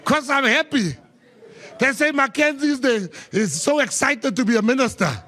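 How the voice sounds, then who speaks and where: A man's voice: extremely high pitch, expressive, normal speed, pushed and bright, a faint crowd. A South African man, a government minister, giving a humorous public speech full of joking anecdotes and emphatic quoted asides.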